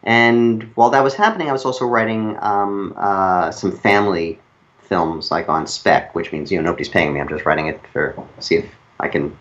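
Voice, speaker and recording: Low-voiced New Yorker, rambling storyteller. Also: male voice, fairly bright tone, lo-fi sound. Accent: New York. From New York. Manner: rambling, self-correcting, halting storyteller. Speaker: guest screenwriter. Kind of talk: casual interview storytelling.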